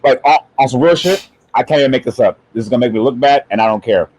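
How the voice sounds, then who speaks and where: A man hosting a podcast in casual chat, animated and rambling, laughing often as he tells stories. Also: mid-range voice, fast talker, low-quality recording. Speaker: podcast host.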